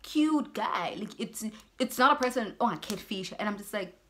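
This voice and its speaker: A young South African woman telling a personal story on her vlog, animated, acting out both sides of conversations and mixing in Zulu words. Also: medium pitch, normal speed, slight background noise. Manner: mixes in Zulu words and phrases. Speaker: YouTuber.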